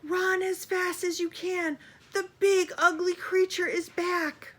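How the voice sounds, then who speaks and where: A woman voicing a frightened male squirrel, shouting in a shrill panicked voice in a storybook reading. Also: little pitch movement, slow.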